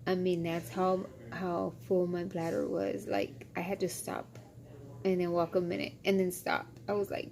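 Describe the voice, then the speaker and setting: A woman's voice: lowish voice, flat delivery, moderate pace, gravelly, a little mellow. A young woman chatting casually on her vlog, retelling workplace gossip in a ranting way. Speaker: vlogger. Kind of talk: casual chat.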